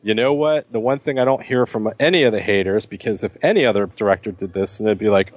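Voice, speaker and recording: A man's voice: medium pitch, lively intonation, quick pace, few pauses, dry recording. A man in casual movie review chat who laughs often and defends the film.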